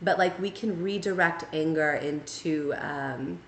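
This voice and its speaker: A woman's voice: low voice, unhurried, creaky, fairly bright tone, slight background noise. A woman giving a casual spoken tarot reading, talking conversationally and checking in often with "right?" and "okay?". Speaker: tarot reader. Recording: echoey room.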